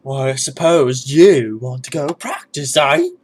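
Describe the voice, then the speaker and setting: A man putting on a gruff, sarcastic army sergeant major who barks orders in a raised voice. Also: mid-range voice, wildly swooping pitch, unhurried, full character voice. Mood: barking.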